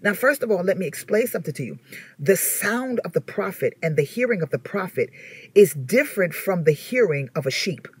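A woman minister giving an informal teaching sermon, telling stories with lively rhetorical asides and frequent restarts. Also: on the low side, brisk, breathy edge, no echo. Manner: animated storytelling with rhetorical asides and laughter; frequent repeated words and restarts.

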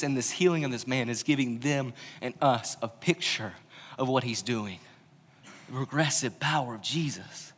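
A young man preaching a candid, conversational sermon as pastor, acting out the voices he quotes. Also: on the low side. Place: church hall. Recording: long hall reverb.

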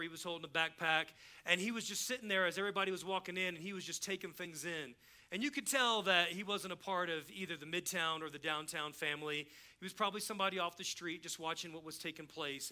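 Pastor guy telling stories in his sermon, high bright voice, chatty, acts out the back-and-forth. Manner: conversational storytelling preacher, acts out dialogue. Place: church sanctuary.

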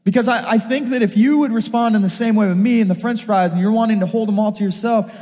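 A man in his thirties preaching with a bright, high-pitched voice. He tells a story and acts out the quotes with energy. His voice rings through a reverberant church hall. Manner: storytelling with lively acted-out quotes. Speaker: pastor. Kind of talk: sermon.

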